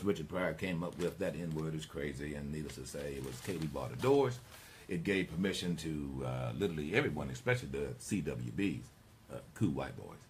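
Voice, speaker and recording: A man's voice: low voice, slight background noise. A middle-aged man hosting a talk radio show, rambling and digressing as he speaks to his listeners. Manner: rambling, digressive, animated storyteller.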